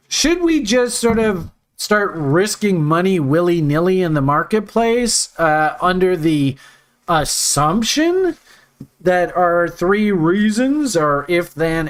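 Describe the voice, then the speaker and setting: A man with a high-sitting, very animated voice speaks slowly as he hosts and teaches trading. His style is casual and rambling, with jokes, thinking aloud, and many fillers.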